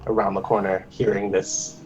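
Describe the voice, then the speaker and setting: A player at a tabletop game who talks in an unhurried way and laughs often. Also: low voice, level tone, a little mellow, soft background music, rough recording. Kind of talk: casual tabletop play.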